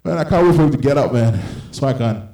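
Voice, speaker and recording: Man, stand-up comedian, young adult, animated storyteller, average pitch, roomy echo. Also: fast talker. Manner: animated, acts out voices of people in his stories.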